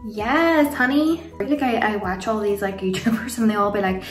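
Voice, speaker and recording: In a home room with kids nearby, an Irish beauty vlogger in her young adult years does a casual makeup tutorial and Q&A, chatty and rambling, gushing over products and laughing often. She speaks briskly in a medium pitch with a level tone. She sits a little away from the mic, so her voice echoes, with faint music underneath.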